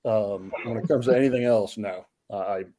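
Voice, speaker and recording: A man's voice: on the low side, normal speed, over a noisy crowd. Hesitant, stammering man in casual chat.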